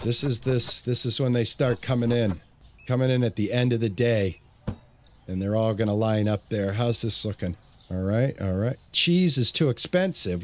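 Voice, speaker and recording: A man hosting a casual let's-play, narrating his gameplay as he goes and often repeating words to himself when things get busy. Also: medium pitch. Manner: talks to himself, repeats words under pressure. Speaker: gaming channel host.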